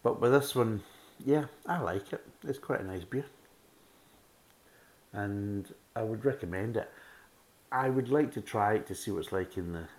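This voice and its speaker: Deep-voiced blunt male beer reviewer. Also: moderate pace, darkish tone, rough recording. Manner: blunt, rambling, repeats himself. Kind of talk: casual spoken beer review. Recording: faint background hiss.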